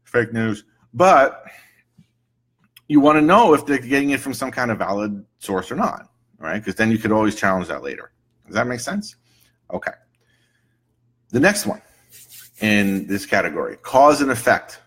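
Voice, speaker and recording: A man's voice: mid-range voice, expressive, normal speed, pauses often, a bit bright, husky. A middle-aged man teaching a class in a conversational way, often checking in with "right?" and "okay?", and acting out short client quotes. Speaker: instructor teaching EFT and NLP. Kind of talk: casual recorded lecture.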